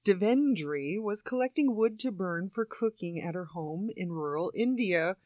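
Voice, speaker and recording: A woman's voice: medium pitch, animated, moderate pace, darkish tone, dry recording, studio quality. A woman co-hosting a comedy podcast, giggly and teasing as she reads a story. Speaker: podcast co-host. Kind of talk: casual chat.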